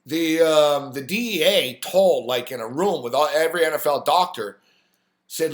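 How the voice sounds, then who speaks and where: Animated, profane man ranting on a live stream. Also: a little high, moderate pace, roomy sound. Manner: animated, swearing, storytelling with quoted voices. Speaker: sports talk host.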